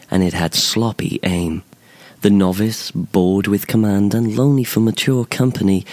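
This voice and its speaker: A man narrating a fantasy short story in a measured, expressive storytelling manner. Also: on the low side. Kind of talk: scripted narration.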